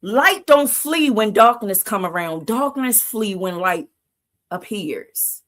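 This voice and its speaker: A woman's voice: mid-range voice, animated, takes it slowly, a bit bright. A woman hosting a livestream who gives a motivational talk in casual vernacular, asking "Why?" before each answer. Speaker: livestream host.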